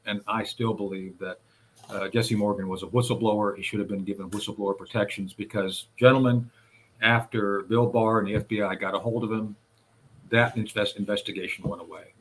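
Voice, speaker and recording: A man's voice: lowish voice, a bit bright, slight background noise. A man guest on a radio talk show, recounting events step by step and addressing the hosts directly. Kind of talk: conversational storytelling.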